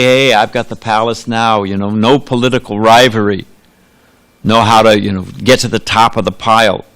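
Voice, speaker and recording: A man's voice: mid-range voice, a bit bright. A man giving a sermon in a temple, talking in a loose conversational way, trailing off into asides and restarting his sentences. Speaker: preacher. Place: temple hall.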